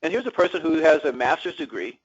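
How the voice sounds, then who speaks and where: Guy giving a real estate seminar, husky voice, kinda muffled lo-fi tape, keeps quizzing the crowd. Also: fairly high pitch, sing-song, fast, no room sound. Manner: conversational, asks the audience questions. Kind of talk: live seminar talk to an audience. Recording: dull lo-fi seminar recording.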